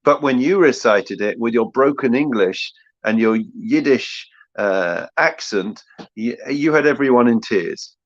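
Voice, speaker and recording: A man's voice: mid-range voice, animated, a little slow, dull audio. A man voicing a baffled prize winner. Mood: puzzled. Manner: earnest, bewildered. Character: puzzled prize-winning young reciter.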